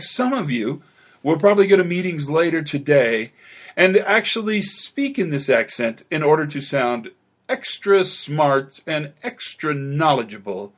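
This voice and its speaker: A man's voice: on the high side, a bit bright. A man hosting a podcast, introducing the episode with playful, emphatic enthusiasm. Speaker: podcast host.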